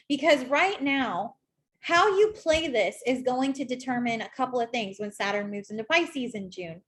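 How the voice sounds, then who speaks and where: A woman in her thirties giving a casual tarot reading, chatty and animated, speaking straight to the viewer. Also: sits high. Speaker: tarot reader.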